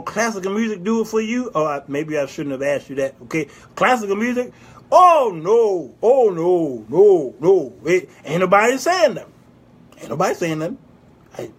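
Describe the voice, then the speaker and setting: A man hosts a casual live-stream advice show, reading viewer comments and answering them. His voice sits high and sounds breathy and husky. He talks in an animated, teasing way and suddenly gets loud. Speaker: talk show host.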